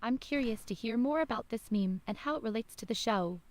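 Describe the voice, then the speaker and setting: A woman's voice: fairly high pitch, a little fast, a loud crowd, natural voice. A text-to-speech woman's voice playing a polite, endlessly curious game character with a formal, agreeable manner. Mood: earnest. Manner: formal, overly agreeable, evenly paced.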